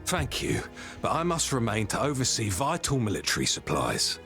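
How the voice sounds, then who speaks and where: An actor playing a stern military camp supply officer who speaks in a formal, commanding way, with game music behind him. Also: male voice, mid-range voice, huge pitch swings, moderate pace, a bit bright. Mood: grave.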